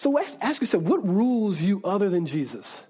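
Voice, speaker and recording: A man's voice: high voice, sing-song, normal speed, mellow, husky. A man preaching a sermon as a pastor, talking conversationally with frequent restarts and asides to the congregation.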